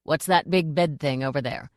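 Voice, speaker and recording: A woman's voice: sits low, normal speed, dry recording, studio quality. A woman doing a blunt, unflappable old witch. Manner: blunt, matter-of-fact.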